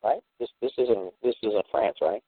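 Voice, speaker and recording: A man's voice: lowish voice, moderate pace, slightly rough, dry recording. A man from the United States, hosting a talk radio show, telling rambling stories in a blunt, profane way. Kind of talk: casual talk radio monologue. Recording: tinny phone-line radio audio.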